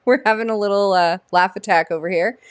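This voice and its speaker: A woman's voice: medium pitch, brisk, clear, resonant tone, no echo, clean studio sound. A woman co-hosting a live hockey stream, reading lineups in casual chat, giggly and stumbling over names.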